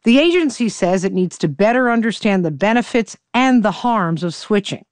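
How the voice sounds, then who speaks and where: A woman's voice: mid-range voice, no room sound. Woman narrating a radio news feature. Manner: measured, even storytelling delivery. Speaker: reporter. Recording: dry close studio voice-over.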